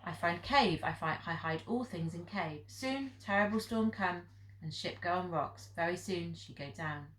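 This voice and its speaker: Woman voicing a gruff old hermit man, broken English. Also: on the low side, normal speed, fairly bright tone, reverberant, close to an everyday voice, poor audio. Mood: grave. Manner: broken English, blunt clipped phrases.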